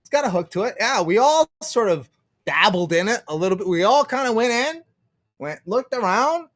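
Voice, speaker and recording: A man's voice: sits high, sing-song, moderate pace, fairly bright tone. A man ranting on a livestream, profane and sarcastic, laughing often and answering his chat. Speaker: streamer.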